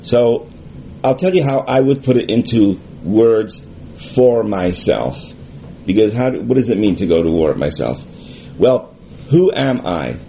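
A man's voice: fairly low pitch, animated, measured pace, gravelly, dark tone, slight background noise. A man co-teaching a religious class, thinking through examples aloud in a thoughtful way.

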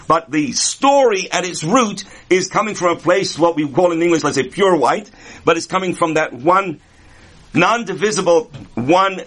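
A man's voice: a little high, fairly bright tone. A man teaching a Kabbalah lesson in a conversational way, with humorous asides and rhetorical questions. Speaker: Torah teacher. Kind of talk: Kabbalah lecture.

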